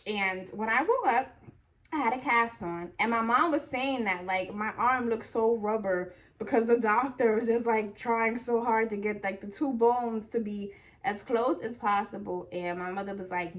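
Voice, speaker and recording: A woman's voice: fairly high pitch, moderate pace. A young woman from New Jersey telling a personal story in a casual, chatty way, full of "like" and "okay?". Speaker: vlogger.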